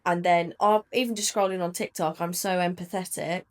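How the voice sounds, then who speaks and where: A woman's voice: lowish voice, fairly even intonation, brisk. A woman hosting a podcast interview, asking questions in an encouraging way. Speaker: podcast host. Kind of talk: interview conversation.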